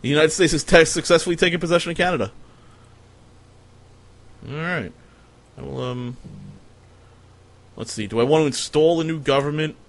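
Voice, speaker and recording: A man streaming a strategy game, giving casual, profane, sardonic commentary as he thinks out loud. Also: a little high, normal speed, pauses often.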